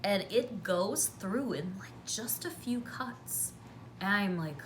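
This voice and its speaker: A woman vlogger telling a story while doing her makeup, chatty and sarcastic, dropping into hushed voices when she quotes people. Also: mid-range voice, lively intonation, takes it slowly, slight background noise. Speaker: beauty vlogger.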